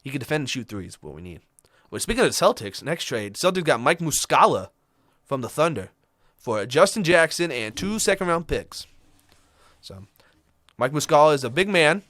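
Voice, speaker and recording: A man co-hosting a podcast, walking through the trades in a casual chat with fillers and quick asides. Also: a little high, big pitch swings, a bit bright, no echo, studio quality. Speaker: podcast co-host.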